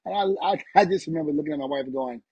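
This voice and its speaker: Middle-aged man, podcast guest, husky and warm, animated storyteller, dry dull recording. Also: fairly high pitch, rapid-fire, no room sound. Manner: animated storytelling, acts out quotes. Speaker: podcast guest, retired wrestler. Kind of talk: casual interview chat.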